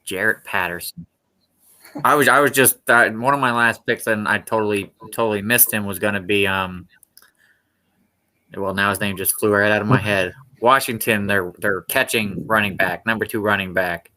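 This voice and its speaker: A man's voice: fairly low pitch, fairly even intonation, normal speed, pushed and bright. A man co-hosting a podcast in casual chat over a video call, rambling and restarting his sentences. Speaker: podcast co-host.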